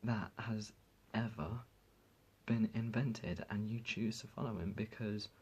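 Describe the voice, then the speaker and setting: A man with a deep, husky voice talks straight to his viewers in a heated, emotional rant. He pushes his points with indignation, stumbling and restarting mid-sentence as his feelings run high. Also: steady tone, a little slow, a little mellow, lo-fi sound. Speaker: vlogger. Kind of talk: emotional talk to camera.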